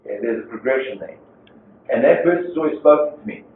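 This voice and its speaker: A man's voice: medium pitch, animated, quick pace, slight background noise. A man preaching a sermon as pastor, telling a story in a conversational way. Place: church. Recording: echoey far-off phone-like church recording.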